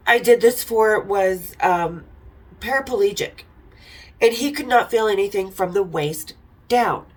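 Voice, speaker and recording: On her podcast, a middle-aged Utah woman shares frank, irreverent stories in a casual chat, laughing occasionally. She has a medium-pitched voice, and the audio quality is poor.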